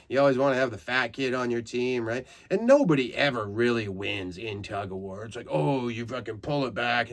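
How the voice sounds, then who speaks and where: Man, podcast host, casual comedic monologue, crude, rambling, laughs mid-sentence, medium pitch. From Canada. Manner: crude, rambling, laughs through his stories.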